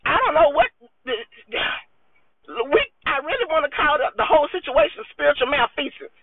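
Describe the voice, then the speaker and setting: A woman's voice: sits high, big pitch swings, moderate pace, very noisy. A woman giving an impassioned, preachy monologue with gospel exclamations, her voice breaking with emotion at times. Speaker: vlogger. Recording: tinny phone-like dry sound.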